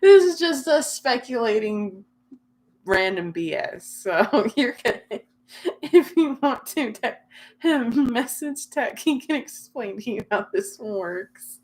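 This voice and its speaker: A woman's voice: a little high, animated, takes it slowly. Giggly young woman chatting on a livestream. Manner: giggly, chatty, teasing, laughs often. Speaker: livestream host. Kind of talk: casual livestream chat reading comments.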